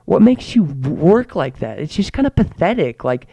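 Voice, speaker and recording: Teen boy, comedic rant, sarcastic and mock-grand, raised pitch, gravelly fry, dry close sound. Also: sing-song, a little slow, no room sound, muffled recording. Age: teens. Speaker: student ranting to camera.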